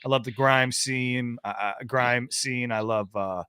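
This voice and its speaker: An American man hosting a call-in podcast, talking casually and excitedly, often restarting his phrases. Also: mid-range voice, measured pace, clean tone, dry recording, studio quality. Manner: chatty, repeats himself and restarts phrases. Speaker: podcast host taking calls.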